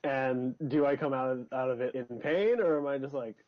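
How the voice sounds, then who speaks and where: A man's voice: mid-range voice, normal speed. Guy playing a tabletop game, jokey, trips over his words a bit, muffled lo-fi sound. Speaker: player. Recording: dull lo-fi sound.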